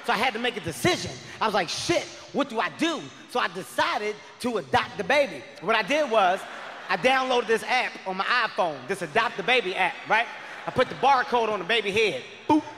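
High, bright, shouting male comedian. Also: slight background noise. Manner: loud, shouting, frantic storytelling. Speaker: stand-up comedian. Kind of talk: stand-up storytelling. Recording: live in a large hall with reverb.

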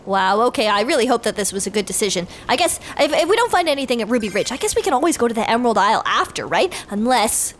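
Give me an excitable woman with a bouncy, high voice telling a playful game story. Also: fast, few pauses, a little hiss or hum. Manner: excitable, gasping, chatty asides. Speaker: story narrator. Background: background music.

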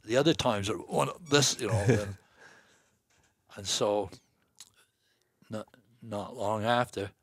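A man's voice: on the low side, takes it slowly, long pauses, husky, dry recording. An older man from the northeastern United States, a guest telling a long hunting story in a folksy way, laughing between lines. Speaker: guest hunter. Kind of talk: storytelling in casual chat.

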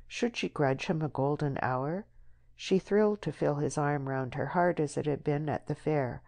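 Low, mellow woman narrating. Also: normal speed, gravelly. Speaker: audiobook narrator. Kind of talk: scripted narration.

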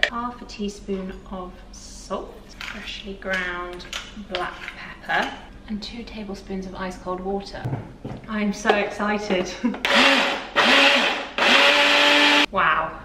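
A woman's voice: mid-range voice, steady tone, takes it slowly. Gushing woman in a roomy space. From United Kingdom. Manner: gushing, effusive. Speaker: lifestyle vlogger. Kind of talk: casual vlog chat. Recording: roomy with faint hum.

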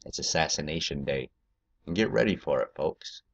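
Deep-voiced man ranting profanely. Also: animated, normal speed, gravelly, dull audio. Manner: angry, profane, rambling. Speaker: political video host.

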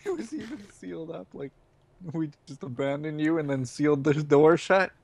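A man's voice: a little high, lively intonation, normal speed, vocal fry, darkish tone. A man chatting casually with friends while gaming, joking around and explaining things. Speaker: gamer friend.

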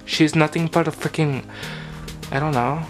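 A man's voice: a little high, steady tone, normal speed, soft background music. A young man telling a storytime vlog in a sassy, dramatic, profane way, full of fillers. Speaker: vlogger.

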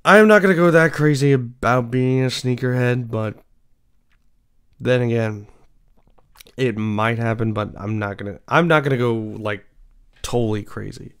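A man's voice: medium pitch, moderate pace, pauses often, clear, resonant tone. A young man hosting his own show, chatting casually in a rambling way with lots of fillers and restarts. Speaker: show host. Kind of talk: casual solo chat.

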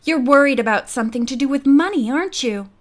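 A woman's voice: high voice, expressive, quick pace. A woman voicing a friendly teen girl detective. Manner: friendly and encouraging. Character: bold, kind teenage girl detective.

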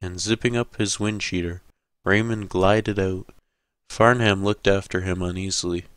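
A man narrating an audiobook in a measured, steady way. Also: low-pitched, clear, resonant tone, no echo. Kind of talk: scripted narration.

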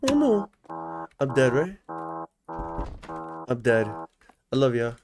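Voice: medium pitch, steady tone, slow, over music. A young adult commentating live over a game, panicky, often repeating words over and over. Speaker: gameplay commentator.

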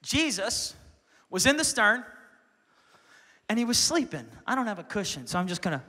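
A young man preaching a lively sermon as pastor, swinging from quiet asides to loud shouts. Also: high-pitched, moderate pace, long reverb tail. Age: young adult.

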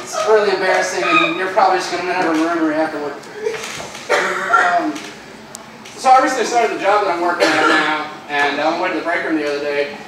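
A man's voice: fairly high pitch, steady tone, a little fast. A young man from southern Georgia doing a self-deprecating open mic stand-up set, flustered after losing his lines. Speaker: stand-up comedian. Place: comedy club stage. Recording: echoey club, far-off mic, noisy.

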